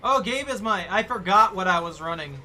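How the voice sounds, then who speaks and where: Man, gameplay commentary, lively swinging pitch, sudden whoops. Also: a little fast, slight background noise. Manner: excitable, talks to himself, sudden loud whoops. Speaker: gaming streamer.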